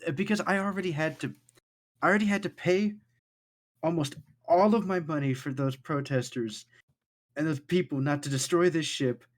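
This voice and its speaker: A man's voice: medium pitch, very animated, moderate pace, hardly any pauses, slightly rough, pitched above the performer's own voice. A man voicing a timid young woman shipwright who stammers and pleads through tears. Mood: tearful pleading.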